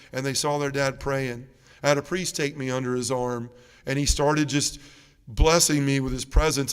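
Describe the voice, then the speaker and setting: Middle-aged man, earnest church testimony, acts out other people's lines; smooth, resonant voice, long church reverb. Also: medium pitch, fairly bright tone. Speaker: parish mission speaker giving testimony. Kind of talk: testimony talk to a church congregation. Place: large church.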